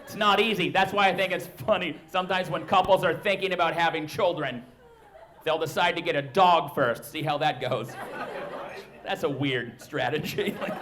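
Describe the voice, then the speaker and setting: A man's voice: on the high side, moderate pace, a crowd in the background. A man in his thirties doing a stand-up comedy set on a club stage, talking conversationally into a handheld mic. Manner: conversational, bursts into loud shrieking impressions of his kids. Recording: live club recording with audience laughter and noise. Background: audience laughing.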